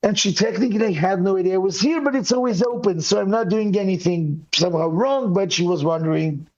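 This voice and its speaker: A high-voiced man calling in to a live show, talking in a rambling, animated way and breaking off into quick apologies. His voice sounds worn from yelling, and the call audio comes through dull and lo-fi. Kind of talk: casual debate chat.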